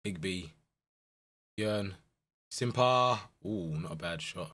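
Excitable young man. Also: sits low, slow, slightly rough. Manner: animated, swings from muttered dread to shouting excitement. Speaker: gaming YouTuber. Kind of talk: live gameplay commentary.

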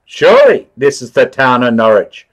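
A man's voice: medium pitch, lively intonation, moderate pace, lightly acted. A man voicing a friendly, hospitable woman offering porridge in a storybook reading. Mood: kindly. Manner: warm and obliging.

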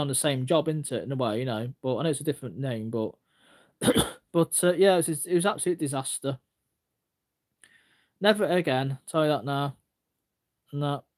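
A man talking casually to his livestream chat in a rather high voice. He rambles, repeats phrases and stumbles over his restarts, then answers the comments as they come in.

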